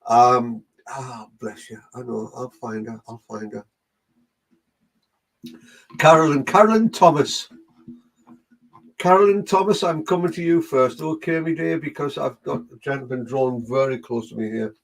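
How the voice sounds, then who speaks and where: A man's voice: medium pitch, moderate pace, creaky. A man with a Geordie accent, working as a medium and chatting through a live online reading session while greeting viewers by name.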